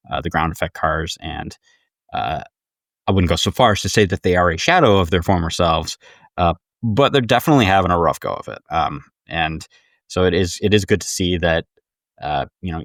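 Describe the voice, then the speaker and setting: Deep-voiced, hesitant podcast co-host. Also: male voice, a bit bright, no echo, clean studio sound. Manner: hesitant, many fillers and restarts. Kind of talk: casual chat.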